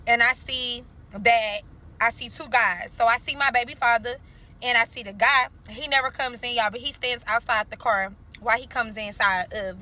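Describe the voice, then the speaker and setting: Young woman, storytime vlog, cursing, talks straight to y'all, bright. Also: a little high. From St. Louis. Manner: profane, addresses viewers as y'all, drawn-out dramatic telling.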